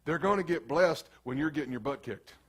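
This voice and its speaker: A man preaching a sermon as pastor in a casual, animated way, slipping into quick acted asides. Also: on the high side, breathy edge.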